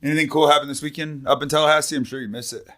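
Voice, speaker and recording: A man's voice: on the high side, fairly even intonation, rapid-fire, pushed and bright. A man co-hosting a podcast, opening the show with upbeat, friendly banter. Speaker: podcast co-host. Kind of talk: casual podcast intro chat.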